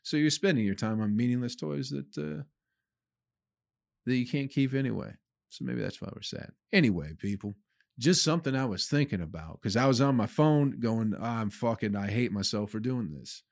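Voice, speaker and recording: A man's voice: mid-range voice, expressive, moderate pace, vocal fry, no room sound. A man hosting his own comedy podcast, delivering a rambling, profane monologue that he aims at listeners he calls people. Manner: acts out his own inner voice in quotes.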